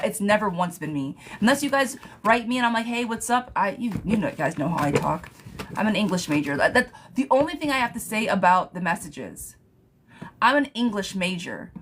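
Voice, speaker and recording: A woman's voice: mid-range voice, noisy background. A young adult woman giving a casual live tarot reading, chatty, laughing often and swearing lightly. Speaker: tarot reader. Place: home, streaming live.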